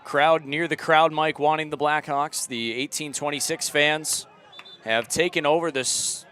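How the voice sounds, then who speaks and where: Young male play-by-play caller with a crisp, clear voice, easy chatter that turns loud at chances. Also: a little high, measured pace. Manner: relaxed chatty commentary, rising to loud excited calls. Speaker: play-by-play commentator. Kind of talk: live soccer commentary. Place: outdoor stadium.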